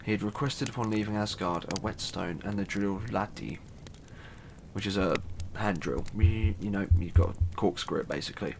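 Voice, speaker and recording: A man's voice: fairly low pitch, normal speed, vocal fry, noisy background. A man casually retelling a myth, chatty and irreverent, with asides and the odd swear. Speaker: storyteller.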